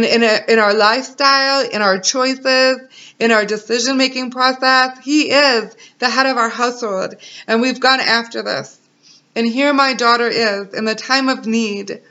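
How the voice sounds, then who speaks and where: A woman's voice: on the high side, sharp tone. A woman in her thirties sharing an emotional personal faith testimony as a mother, earnest and encouraging. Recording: dull lo-fi recording.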